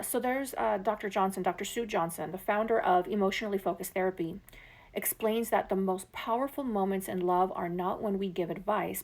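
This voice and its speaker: A woman giving a motivational relationship talk to men, speaking softly and coaxingly, slipping into whispers and checking in with the listener. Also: mid-range voice. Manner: soft, slow, coaxing delivery with whispered phrases. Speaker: relationship coach.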